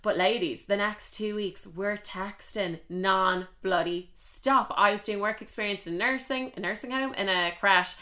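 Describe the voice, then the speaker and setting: A young adult woman with an Irish accent, telling a story in a chatty, animated way and swearing casually. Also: medium pitch, unhurried, hardly any pauses.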